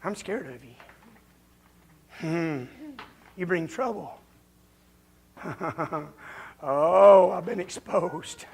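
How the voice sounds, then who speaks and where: A man preaching a folksy, confrontational revival sermon as a visiting preacher in a church, building up to shouting. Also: fairly high pitch, drawn-out words, gravelly, long pauses, a little hiss or hum. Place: church during a revival service.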